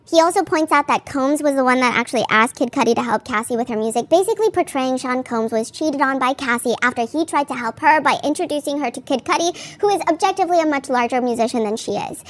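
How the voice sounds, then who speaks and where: A woman's voice: sits high, lively intonation, fast talker. A woman podcast host giving casual, chatty commentary on a court case, full of "like" fillers and candid asides.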